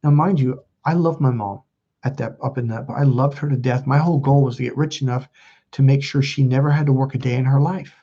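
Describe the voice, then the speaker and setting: A man's voice: steady tone, brisk, warm tone, breathy edge, lo-fi sound. A young man hosting his own channel, telling a painful personal story in a raw, profane and intense way. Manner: raw, profane and intense, voice climbing high when quoting others. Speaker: channel host.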